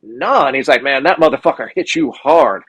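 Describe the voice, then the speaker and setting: A man's voice: medium pitch, expressive, normal speed, fairly bright tone, a little hiss or hum, rough recording. A young man chatting casually on a podcast, telling profane stories and acting out other people's lines. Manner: profane storyteller, acts out voices of others. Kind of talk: casual chat.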